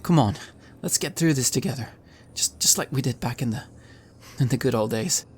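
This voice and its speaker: A man playing a tabletop game in character, speaking in a reassuring, steady way. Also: medium pitch, normal speed, slight background noise. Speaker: player.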